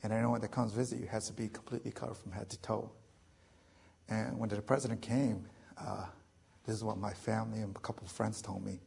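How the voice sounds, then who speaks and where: A man's voice: fairly low pitch, flat delivery, fairly quick, gravelly, a little mellow, slightly rough. A man in his forties telling his own survival story to an audience in a loose, joking way, full of fillers. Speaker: veteran speaker.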